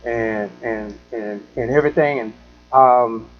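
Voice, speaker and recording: A man's voice: mid-range voice, slow pace, dull audio, faint music behind. A man hosting a talk show, telling a rambling story in a casual way, full of "you know", and acting out the people in it.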